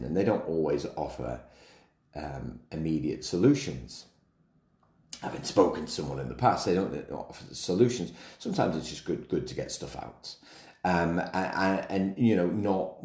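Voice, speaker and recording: A man's voice: sits low, warm tone, echoey room. A man hosting a solo podcast, talking conversationally with frequent restarts and repeated words. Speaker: podcast host.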